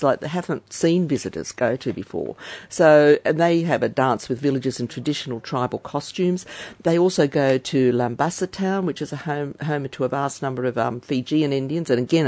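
A man's voice: medium pitch, a little mellow, no room sound. A man chatting casually as a radio travel presenter, friendly and rambling.

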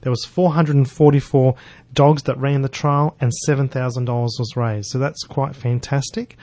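A man co-hosting a local radio pet show in a friendly, steady way. He reads out event notices and keeps the chat moving. His studio sound is close and dry. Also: mid-range voice, moderate pace, no room sound. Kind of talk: radio interview and announcements. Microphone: studio microphone.

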